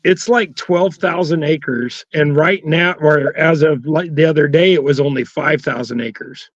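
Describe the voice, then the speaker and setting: A man's voice: fairly high pitch, unhurried, no room sound. A man chatting on a livestream, telling stories in a rambling, hesitant way. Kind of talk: casual livestream chat. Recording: dry, dull call audio.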